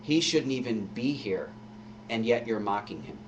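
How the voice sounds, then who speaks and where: A man's voice: mid-range voice, moderate pace, muffled recording, lightly acted. A man voicing a remorseful male thief who rebukes another, heard from a distant mic with a faint hum. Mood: rebuking. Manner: rebuking, earnest.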